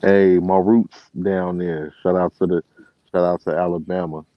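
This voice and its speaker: A very deep-voiced man with a Chicago accent tells laid-back stories, full of fillers. The sound is muffled and dull. It is dry, with no room to it. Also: normal speed, dry recording. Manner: relaxed storyteller, many fillers. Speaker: truck driver and regular caller. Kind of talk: casual chat.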